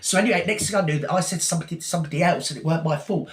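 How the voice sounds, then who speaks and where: A rambling, self-pitying gossip, put on by a man, a scammer who always plays the victim. The voice sits a little high and tumbles out fast in breathless, circular storytelling. It is recorded in an echoey room. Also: a little hiss or hum, natural voice. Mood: whiny rambling. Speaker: parody performer. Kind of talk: satirical character monologue.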